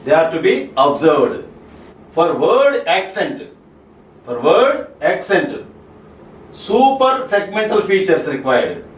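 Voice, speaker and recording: A man's voice: fairly high pitch, sing-song, slight background noise. Man, indian english accent, lecturer, repeats every point, roomy echo, far mic. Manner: slow, repeats each point, asks "Clear?" and "Okay?". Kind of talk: classroom lecture.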